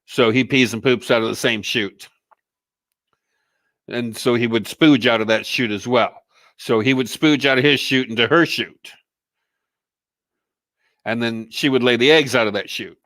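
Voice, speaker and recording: A man with a bright, forceful voice, cohosting a live chat show. He talks bluntly and swears freely, joking his way through crude topics. The sound is dry and close. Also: medium pitch, measured pace, long pauses, no room sound. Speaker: co-host.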